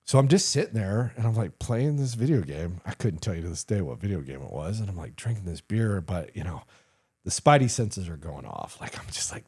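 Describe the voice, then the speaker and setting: A middle-aged retired army sergeant major telling war stories in a casual interview, animated and profane, with lots of "like" and "you know.". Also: male voice, low voice, fairly quick, breathy edge.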